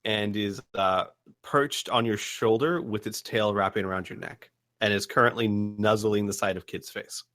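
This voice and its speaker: A man's voice: on the low side, normal speed, fairly bright tone. A man narrating as game master of a tabletop role-playing game, rambling with fillers and restarts.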